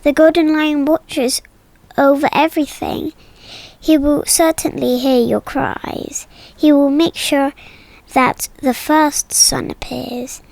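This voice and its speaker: A woman's voice: sits high, steady tone, takes it slowly, gravelly, darkish tone, dry recording, heavily acted, poor audio. A woman voicing a small, hopeful young male donkey who talks earnestly and repeats himself with wonder. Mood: eager.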